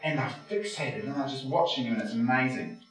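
A man's voice: medium pitch, brisk. A man leads a conversational Bible lesson, asking his listeners question after question in a folksy, chatty way. His voice comes from some distance off the mic and rings through a very echoey room, with faint music beneath. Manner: asks the listeners rhetorical questions; folksy, chatty, with frequent fillers. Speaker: Bible teacher. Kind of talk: conversational Bible study sermon.

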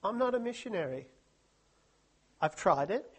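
A man's voice: high voice, very animated, unhurried, breathy edge. A man giving a humorous, self-deprecating talk to a live audience at a Christian study week. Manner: joking, self-deprecating, chatty asides.

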